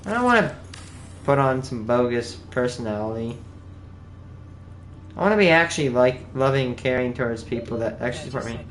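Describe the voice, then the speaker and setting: A man's voice: medium pitch, expressive, a little fast, long pauses, fairly bright tone. A young man streaming a game live, chatting to viewers in a casual, earnest, rambling way. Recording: echoey room with faint background hum.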